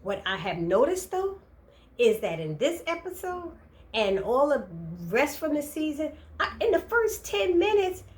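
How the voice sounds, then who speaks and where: A woman recapping a TV episode in a casual, animated way, laughing and acting out the characters' lines. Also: high-pitched, a little slow. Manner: expressive, laughing, acts out quotes. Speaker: TV recap vlogger.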